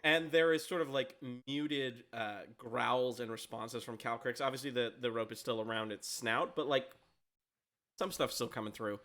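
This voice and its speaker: A man's voice: mid-range voice, normal speed, sharp tone. A man running a tabletop game as dungeon master, narrating hesitantly with many fillers.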